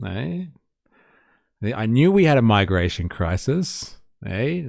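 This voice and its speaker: Gravelly, sweary Australian man. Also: medium pitch, sing-song, takes it slowly, darkish tone, dry recording, clean studio sound. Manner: sweary, blunt and sarcastic. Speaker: livestream host. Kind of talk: casual reaction commentary.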